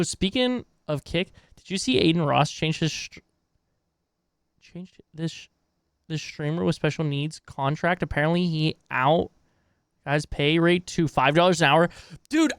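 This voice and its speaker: Young adult man, streamer, casual reaction chat, bouncy pitch, dry sound. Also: no room sound. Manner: casual, swearing, reacts loudly, laughs often. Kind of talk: live reaction commentary.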